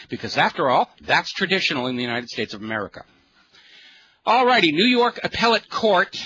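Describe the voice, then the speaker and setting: A man's voice: sits high, pushed and bright. A middle-aged man hosting a political talk radio show, ranting in an impassioned way. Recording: lo-fi radio broadcast with faint noise.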